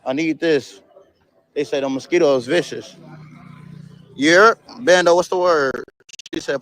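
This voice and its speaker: A man's voice: fairly high pitch, moderate pace, pauses often, fairly bright tone, low-quality recording. A man vlogging as he walks around a street outdoors, chatting casually with passers-by and swearing now and then. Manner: laid-back, swears, chats with passers-by. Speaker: travel vlogger.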